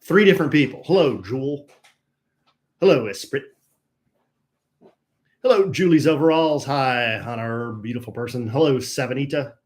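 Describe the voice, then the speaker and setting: A man co-hosting a live stream, chatting casually and greeting viewers by name in a jokey, rambling way. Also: medium pitch.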